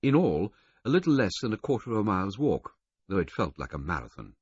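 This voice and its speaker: A man reading a novel aloud in the first person, telling the story in a lively, varied way. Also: fairly low pitch, fast, breathy edge, no room sound, highs cut off. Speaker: audiobook reader.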